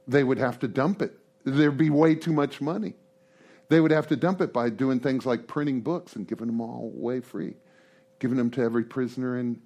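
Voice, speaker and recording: A man's voice: medium pitch, darkish tone. A middle-aged man speaking at a recovery meeting, storytelling in a rambling, conversational way with humorous asides. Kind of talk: storytelling talk to a group.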